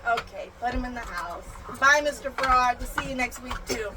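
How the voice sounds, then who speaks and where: A young mother plays with her child at home, her voice very high and her delivery slow and drawn out. She gasps and does animal sounds in a playful singsong. Her phone picks up a steady hiss of background noise. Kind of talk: home video, playful teaching. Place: home room. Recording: noisy home phone recording.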